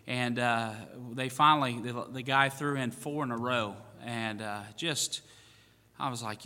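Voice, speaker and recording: A pastor man spins a playful, self-mocking story from the pulpit. His voice is bright and forceful, with a long echo trailing through the church hall. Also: medium pitch, fairly even intonation, normal speed. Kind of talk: sermon. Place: church sanctuary.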